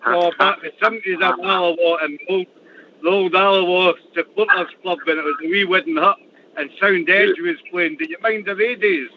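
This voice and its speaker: An older Scottish man from Fife phones in from his truck, talking in a chatty, rambling way and repeating words as he finds his thread. His voice sits a little high for a man. The call sounds muffled, with a faint hiss behind it. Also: steady tone, moderate pace. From Fife, Scotland. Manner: chatty, repeats words when starting a thought. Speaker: caller, truck driver. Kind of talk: casual call-in chat. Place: in his truck while driving.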